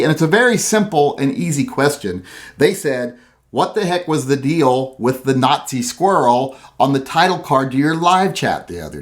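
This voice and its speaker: Folksy man, slightly high voice. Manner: folksy, rambling, animated mock voices. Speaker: host. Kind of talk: casual commentary monologue.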